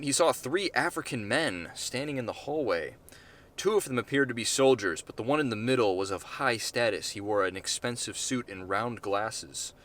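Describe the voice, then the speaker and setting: Man reading his own story deadpan. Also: medium pitch. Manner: deadpan, with offhand swearing asides. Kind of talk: storytelling narration with casual asides.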